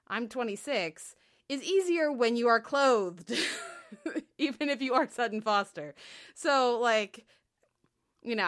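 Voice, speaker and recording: A woman's voice: a little high, a bit bright. A woman hosting a TV podcast in casual chat, talking through her analysis with many fillers and laughs. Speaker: podcast co-host.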